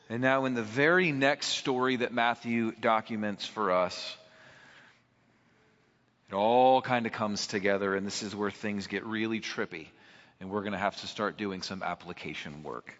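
A man's voice: lowish voice, a bit bright. A male preacher giving a conversational sermon, posing rhetorical questions to his congregation. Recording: echoey hall, dull lo-fi sound.

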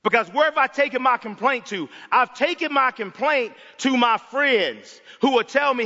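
Male pastor, impassioned sermon, high bright voice, dull sound with long hall reverb. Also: normal speed, vocal fry, few pauses. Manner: impassioned, swings between loud and hushed. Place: church sanctuary.

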